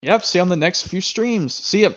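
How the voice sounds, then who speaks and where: A man hosting a casual chat stream about his movie collection, talking in a rambling way with quick asides. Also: high-pitched, animated, a bit bright. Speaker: stream host. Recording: lo-fi stream audio.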